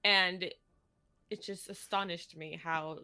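Bright-voiced woman ranting about a game. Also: on the low side, slow pace, clear, resonant tone. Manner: animated, frustrated retelling. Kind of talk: casual sports radio chat.

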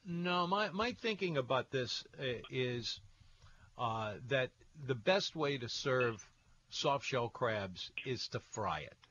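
A man hosting a radio call-in show, talking in a relaxed way with plenty of pauses and fillers. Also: medium pitch, lo-fi sound, a little hiss or hum. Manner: relaxed, hesitant with many fillers.

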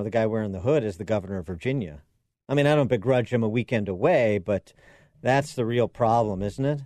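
A man's voice: on the low side, warm tone, no echo, clean studio sound. A man hosting a talk radio show, giving sarcastic commentary with mocking asides and frequent fillers. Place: radio studio.

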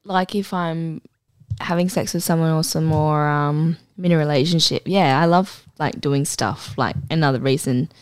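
A woman's voice: low-pitched, fairly even intonation, moderate pace, darkish tone, clean tone, no room sound. Brash woman cohost, crude banter, dry close recording. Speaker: podcast co-host. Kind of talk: casual chat.

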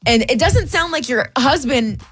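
A woman's voice: high-pitched, lively intonation, moderate pace, a bit bright, husky, soft background music. A woman co-hosting a morning radio show, recapping the story and reassuring the caller. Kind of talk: casual radio chat.

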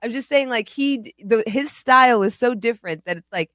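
A woman's voice: a little high, brisk, a bit bright, no echo, studio quality. A woman co-hosting a podcast, chatting casually and giving opinions. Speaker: podcast co-host. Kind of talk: casual chat.

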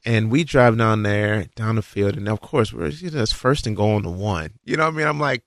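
A man telling a long, animated story about his football days, acting out his own lines. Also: moderate pace, few pauses, no room sound, clean studio sound. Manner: animated, acts out dialogue with rising pitch. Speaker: guest recalling his football career. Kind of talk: casual storytelling.

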